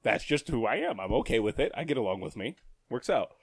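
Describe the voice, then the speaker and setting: A man's voice: mid-range voice, quick pace, husky, dry recording, studio quality. A man co-hosting a casual chat, telling a workplace story with a lot of swearing and frequent laughter. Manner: profane, animated, laughs often.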